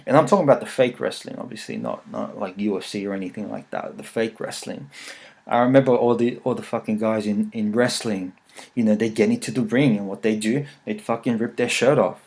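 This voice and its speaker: A man's voice: on the low side, a little fast, gravelly, darkish tone. A man, hosting a podcast and telling rambling, jokey stories laced with swearing. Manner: rambling, profane, jokey storytelling. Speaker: podcast host. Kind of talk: casual chat.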